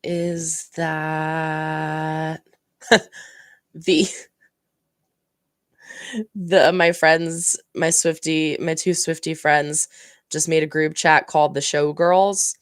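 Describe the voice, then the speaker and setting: A woman's voice: sits low, takes it slowly, pauses often, no echo. A woman streaming casually, rambling and laughing as she answers her chat. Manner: chatty, rambling, animated, laughs often. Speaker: reaction streamer. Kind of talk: casual chat reading live chat.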